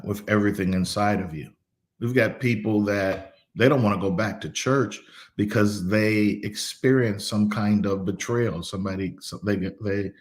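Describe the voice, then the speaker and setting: A middle-aged man, a pastor, telling a personal story in an unhurried devotional way, often repeating his words. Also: on the low side.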